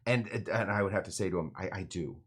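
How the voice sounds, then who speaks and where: With a low, husky voice and a fast delivery, a bartender hosts a casual cocktail-making show. He talks loosely as he mixes, wandering off into asides and using plenty of fillers.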